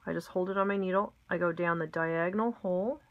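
Middle-aged lady walking you thru a craft at her desk, kinda low voice, chatty, lots of ums. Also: fairly even intonation, quick pace, phone-quality sound. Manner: chatty, homey, with frequent ums and asides. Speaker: craft tutorial host. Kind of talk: casual step-by-step craft lesson. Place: home craft desk, indoors.

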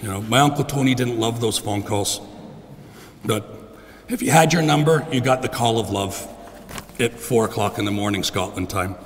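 A middle-aged man giving a heartfelt funeral eulogy for his father in a church, clearing his throat often. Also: on the low side, moderate pace, slight background noise. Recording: long reverb in a church.

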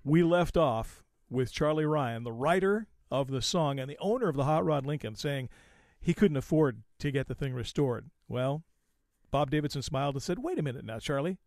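A man hosts a car podcast and spins a long story in a folksy, lively way, voicing the people in it as he goes. His voice sits a little high, and the sound is dry and close to the mic. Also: normal speed, no echo. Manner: folksy, animated retelling with quoted dialogue. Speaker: podcast host.

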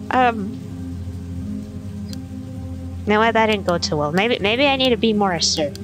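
Woman, casual game commentary, unhurried, lively pitch, curses and laughs, music bed audible. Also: poor audio. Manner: swears, laughs, reads dialogue choices aloud. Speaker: gameplay streamer. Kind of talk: casual let's play commentary.

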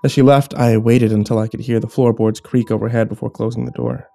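A man telling a first-person horror story in a measured, hushed and tense way. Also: mid-range voice, level tone, gravelly, faint music behind.

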